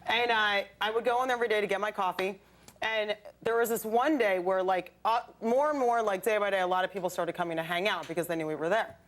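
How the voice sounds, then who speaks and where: A young woman telling stories as a guest on a late night talk show, in a chatty, animated way. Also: mid-range voice, quick pace. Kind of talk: casual chat. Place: television studio with audience. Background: studio audience.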